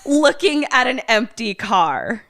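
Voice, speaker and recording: A woman podcast co-host in casual chat, telling a horror film's plot in an animated way and acting out the characters. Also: fairly high pitch, slow, dry recording, clean studio sound, some chatter behind. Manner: animated storytelling, acts out the characters.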